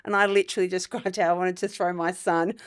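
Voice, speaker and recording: Frank, animated woman with a smooth voice. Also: on the low side, fast, no room sound, studio quality. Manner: frank, animated storytelling with laughter and swearing. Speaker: podcast co-host. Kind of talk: casual chat.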